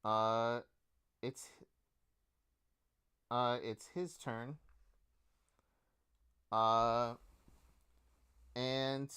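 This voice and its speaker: Unhurried man running a tabletop game. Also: medium pitch, flat delivery, bright, forceful tone, clear, resonant tone. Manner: easygoing, with many filler words. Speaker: game master.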